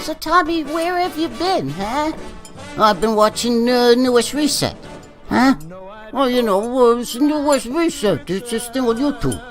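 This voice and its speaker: A man puts on a nasal, wisecracking buddy with a very high, squeezed voice, ribbing a friend about where he's been. He sounds a little off-mic, and music plays clearly under him throughout. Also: lively intonation, unhurried. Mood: teasing.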